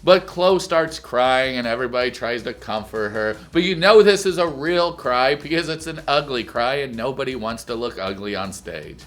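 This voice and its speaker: A man doing a comedic reality TV recap, sarcastic and prone to loud outbursts. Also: mid-range voice, expressive, moderate pace, hardly any pauses, faint music behind.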